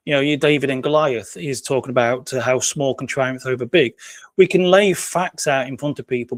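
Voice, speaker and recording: British man, casual interview guest, rambling, repeats words, chuckles, medium pitch, dry close sound. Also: no room sound. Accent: British English.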